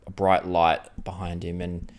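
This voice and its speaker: A man's voice: sits low, monotone, unhurried. A man co-hosting a podcast, improvising a comedic story for his co-host, rambling and laughing often.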